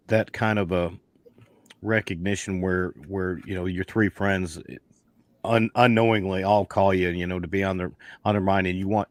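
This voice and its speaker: Low-voiced man telling rambling stories. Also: dry recording. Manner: rambling storyteller with many restarts. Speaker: guest beekeeper. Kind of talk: casual chat on a video call.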